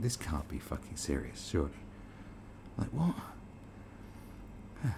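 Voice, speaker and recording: A man's voice: rumbling low, a little mellow, slight background noise. Incredulous sweary British man ranting. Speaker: commentary host. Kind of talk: reaction commentary.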